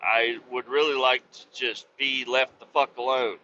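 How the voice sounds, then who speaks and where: A man's voice: mid-range voice, steady tone, moderate pace, pushed and bright, dull audio, slight background noise. A man, a truck driver hosting his own podcast, ranting casually and profanely about his day. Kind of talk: casual rambling monologue.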